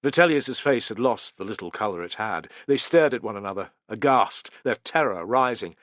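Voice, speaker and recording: A man narrating an audiobook of a war story in a steady, dramatic storytelling manner. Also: fairly low pitch, normal speed, no echo.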